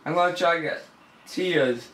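A man's voice: on the high side, moderate pace, fairly bright tone, reverberant. A young man commentating a horror game as he plays, nervous and easily scared, swearing and laughing. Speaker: gamer. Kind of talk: let's play commentary.

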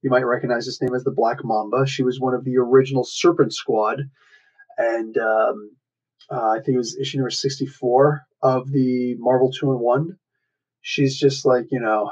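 A man casually retelling a comic book story in a chatty, loose way, dropping into quick acted quotes. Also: mid-range voice, fairly even intonation. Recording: dull lo-fi sound.

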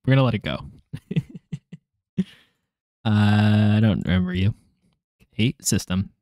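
A man's voice: fairly low pitch, lively intonation, unhurried, a little mellow, no echo, clean studio sound. A man streaming his language study, chatting casually, joking and rambling, laughing often and trailing off with fillers. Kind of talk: casual live-stream chat.

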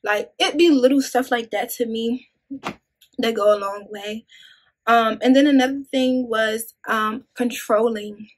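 A woman's voice: on the high side, unhurried, low-quality recording. A woman in her twenties talking casually to her viewers in a rambling, chatty way. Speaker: vlogger. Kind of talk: casual talk to camera.

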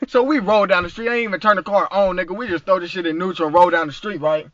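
A man's voice: high-pitched, quick pace, fairly bright tone, no echo. A man telling an angry story in a heated, profane way, full of street slang, sitting in a car. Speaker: vlogger. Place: inside a parked car. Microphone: phone. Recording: dull, dry phone audio.

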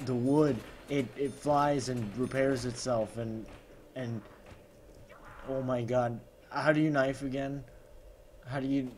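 A man's voice: medium pitch, a little hiss or hum. A man doing comedic gameplay commentary as a gaming YouTuber parody, overexcited and full of gasping exclamations, with sarcastic asides.

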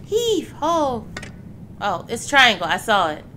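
A woman playing a horror game, reacting out loud and swearing when startled. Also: fairly high pitch, wildly swooping pitch, slow. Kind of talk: let's play commentary. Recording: background noise under the voice.

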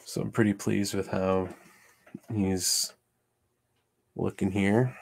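A man's voice: low-pitched, little pitch movement, takes it slowly, creaky. A man chatting casually on a live stream, thinking aloud with restarts and greeting viewers while showing a puppet build.

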